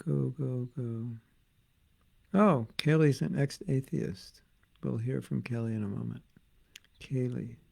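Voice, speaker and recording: Gravelly older man teaching, joking. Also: mid-range voice, a little slow, warm tone. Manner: joking, conversational, reads viewer comments aloud. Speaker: spiritual teacher. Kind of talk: informal online class.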